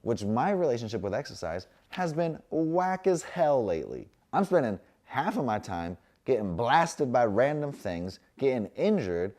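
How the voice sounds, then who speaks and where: Young male vlogger at home, playful slang, animated pitch. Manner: playful slangy delivery, puts on voices for his dog. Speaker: fitness vlogger. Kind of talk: casual motivational talk to camera. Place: home, sitting on a couch.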